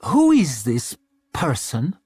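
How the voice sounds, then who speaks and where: A man's voice: a little high, huge pitch swings, slow, husky, dry recording, voice pushed up, heavily acted. A man playing an icy, imperious queen. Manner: sharp foreign-sounding, icy and precise. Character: haughty queen, imperious and cutting.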